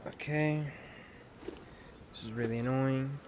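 A man streaming a video game on a headset mic, swearing a lot and swinging between yelling and low muttering. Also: steady tone, slow pace, background noise. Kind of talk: live gameplay commentary. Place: warm indoor room at home.

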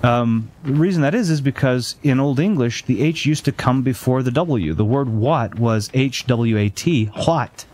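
A man's voice: medium pitch, moderate pace, hardly any pauses, a little mellow. A man hosting a casual gameplay chat, rambling off on tangents with lots of ums and uhs. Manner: rambling, goes off on tangents with many fillers. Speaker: let's play host.

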